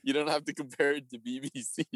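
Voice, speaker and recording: A man's voice: fairly high pitch, fairly even intonation, fairly quick, fairly bright tone, no echo, clean studio sound. A young man on a podcast, asking puzzled questions and giggling in casual banter. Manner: quizzical, giggly. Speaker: podcast co-host.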